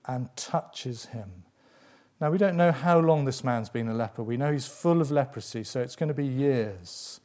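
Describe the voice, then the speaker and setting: A man delivering a sermon in a mellow, warm voice of middle pitch. He builds emphasis through repetition and drops into slow, deliberate pauses. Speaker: preacher.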